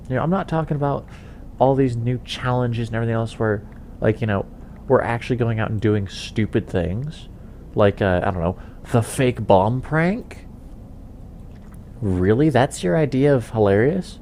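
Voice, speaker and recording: A man's voice: medium pitch, lively intonation, normal speed, darkish tone, a little hiss or hum. A young man chatting casually while playing a game, rambling with chuckles and lots of fillers. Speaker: gaming channel host.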